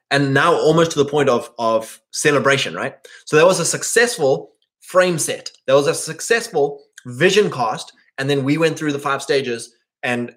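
A man in a casual, rambling monologue, full of fillers and quick asides, often acting out other people in mock voices. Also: mid-range voice, a bit bright. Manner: rambling, peppered with "like" and "right?".

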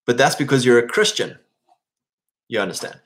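Animated and fairly bright in tone, this English preacher speaks at a mid-range pitch and normal speed in a casual sermon. He addresses listeners like friends, keeps adding "right?" to his points, and frequently restarts phrases.

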